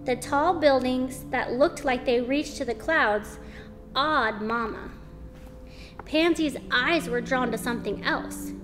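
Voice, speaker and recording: Woman narrator for a kids' chapter book, high voice, unhurried, faint music underneath. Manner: expressive, storytelling. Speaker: story reader. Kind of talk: children's chapter book read-aloud.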